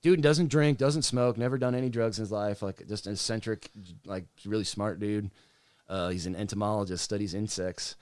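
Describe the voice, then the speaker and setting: A man's voice: lowish voice, moderate pace, darkish tone, smooth, no echo, clean studio sound. A man who writes and sings his own songs, a podcast guest telling a story in a laid-back, casual way and swearing freely. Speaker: guest singer-songwriter.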